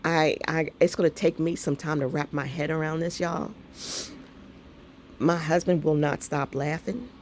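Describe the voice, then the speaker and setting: A woman's voice: low voice, fairly even intonation, unhurried, a little mellow, slight background noise. A middle-aged woman, telling a story to her viewers at home with lots of laughter and y'all. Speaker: craft vlogger. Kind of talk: casual chat to camera.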